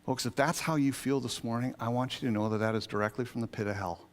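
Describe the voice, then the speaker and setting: A man, an associate pastor, preaching a sermon in a conversational yet emphatic way, with sudden swells of excitement. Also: medium pitch, quick pace. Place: church sanctuary.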